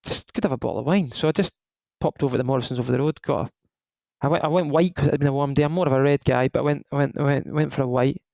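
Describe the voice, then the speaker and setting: On this rough, roomless recording, a retired Scottish footballer in his thirties races along at medium pitch with some vocal fry. He tells stories in a loose, relaxed podcast chat, wandering off track and starting sentences over frequently.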